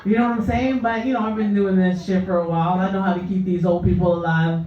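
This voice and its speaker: A woman's voice: lowish voice, fairly even intonation, quick pace. A woman doing a stand-up comedy set, brash, crude and self-mocking. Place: comedy club stage. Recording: echoey club from far off, dull, crowd.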